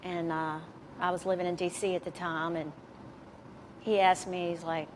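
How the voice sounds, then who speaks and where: A woman's voice: fairly low pitch, little pitch movement, normal speed, a little hiss or hum, poor audio. A woman giving a candid, plain-spoken personal recovery testimony to a live audience at a jail. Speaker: recovery speaker.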